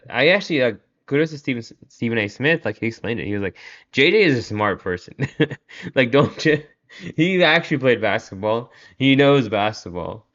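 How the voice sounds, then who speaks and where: A man's voice: mid-range voice, a bit bright, lo-fi sound. A man hosting his own podcast, talking casually and at length, rambling with lots of "like", frustrated and laughing often. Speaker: podcast host. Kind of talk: casual solo podcast monologue.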